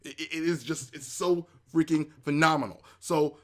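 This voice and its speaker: A man hosting a casual spoken review, excitable and rambling, with many fillers and restarts. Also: a little high, moderate pace. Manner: acts out reactions in quoted asides. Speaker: anime reviewer, show host.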